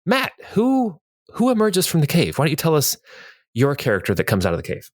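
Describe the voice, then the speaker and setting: A man's voice: on the high side, huge pitch swings, a little fast, dry recording, studio quality. A man narrating a tabletop game as game master, in dramatic storytelling that turns to loose prompting of the players.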